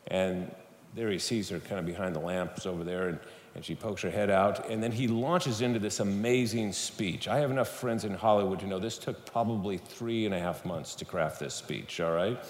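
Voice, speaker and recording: A man's voice: lowish voice, moderate pace. A man preaching a sermon in a church, telling stories with humor and speaking to the audience directly. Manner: animated storytelling, playful, talks to the audience. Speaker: guest speaker at a church service. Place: church sanctuary. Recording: echoey hall, faint room noise.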